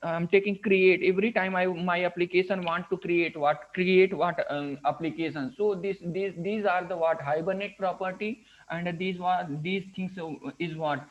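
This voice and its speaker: A male programming instructor with an Indian English accent talks at a moderate pace with few pauses, his high-sitting voice holding a steady tone. Teaching a live coding class step by step, he repeatedly asks "right?" and "what is that?", all on a dull lo-fi screen recording.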